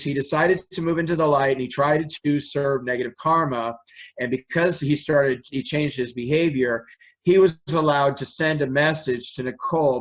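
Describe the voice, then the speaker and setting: A man's voice: mid-range voice, fairly bright tone, rough recording. A man as an interview guest, telling rambling stories in a chatty way with a runny nose. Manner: rambling, chatty, laughs mid-story. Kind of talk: casual storytelling interview.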